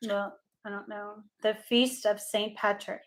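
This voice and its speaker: A woman's voice: medium pitch, flat delivery, measured pace. A woman co-hosting a casual livestream chat, reading trivia questions aloud and repeating the answers.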